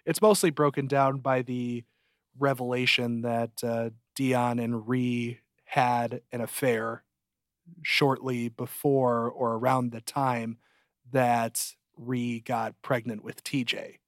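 A man's voice: medium pitch, flat delivery, slow, no echo, clean studio sound. A man co-hosting a podcast, chatting casually and jokingly about a TV show, his voice jumping up when he gets emphatic. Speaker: podcast co-host. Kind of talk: casual chat reviewing a TV show.

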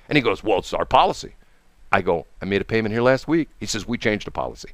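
A man's voice: lowish voice, fast, no echo, studio quality. A man telling a long casual story, acting out the people he quotes. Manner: animated, acts out quoted people.

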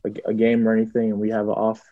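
A man's voice: fairly low pitch, completely flat delivery, quick pace, no echo. A young man, a college football player, answering interview questions casually, with lots of ums and restarts. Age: young adult. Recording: dull lo-fi audio.

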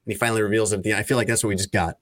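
A man's voice: on the low side, steady tone, very fast, fairly bright tone. A man hosting a radio talk show, rambling and teasing his co-hosts in casual chat. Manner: rambling, teasing, meandering asides.

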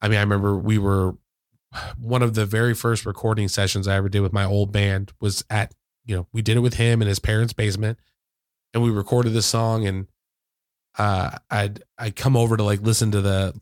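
A man's voice: on the low side, little pitch movement, a little fast, no echo. A man in his thirties co-hosting a podcast, talking in a heartfelt, rambling way with many fillers and restarts, close to tears. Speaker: podcast co-host and editor. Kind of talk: casual podcast conversation. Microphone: headphones and studio microphone.

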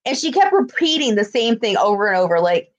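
A woman with a high voice tells a story in a casual chat. She is blunt and swears freely, acting out what people said. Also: sing-song, a little fast.

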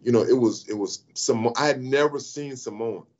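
A man in his sixties telling stories as an interview guest, animated, with frequent restarts and repeated "I mean". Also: mid-range voice, moderate pace, muffled recording. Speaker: interview guest, former pro athlete. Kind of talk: animated storytelling in conversation.

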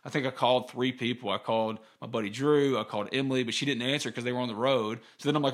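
A man's voice: mid-range voice, steady tone, fast, few pauses. A man, hosting a casual sports podcast and telling stories in a candid, rambling way. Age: 30s. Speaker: podcast host.

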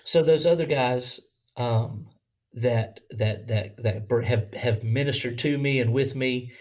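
A man with a Southern accent talks in an earnest, halting way, often starting his sentences over. He is a pastor chatting casually on a podcast, and his voice sits at an ordinary pitch. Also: a little mellow. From Bible Belt, US. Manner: earnest, halting with many restarts.

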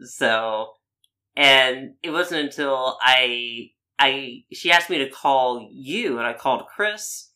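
A man's voice: medium pitch, lively intonation, slow pace, sharp tone. A man in casual conversation, telling a story in a hesitant, rambling way with frequent fillers. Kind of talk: casual chat.

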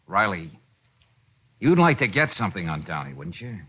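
A man playing a brisk, tough detective who talks in clipped wisecracks, in 1940s radio acting. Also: low-pitched, sing-song, husky, heavily acted. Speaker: lead detective. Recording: lo-fi old radio broadcast with music.

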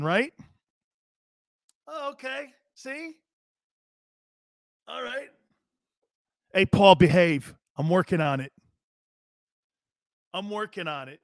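A brash male sports talk host who jokes loudly and hollers his points. His voice sits high, and he takes his time with the words, stretching them out. The sound is close and dry. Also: dry recording. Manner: loud, brash, joking, hollering. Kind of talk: live sports talk show.

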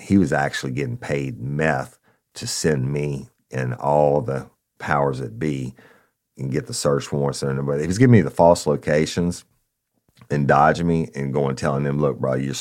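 A man with an extremely deep, gravelly voice tells a story from his time as a narcotics officer. He talks bluntly and casually, swears freely, and speaks straight to the listeners as y'all. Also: darkish tone.

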